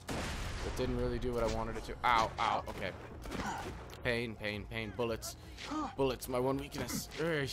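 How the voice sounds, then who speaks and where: A man's voice: mid-range voice, steady tone, a little slow, long pauses. A man giving casual, rambling let's play commentary with sarcastic, self-mocking jokes. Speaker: gameplay commentator. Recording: noisy game audio behind.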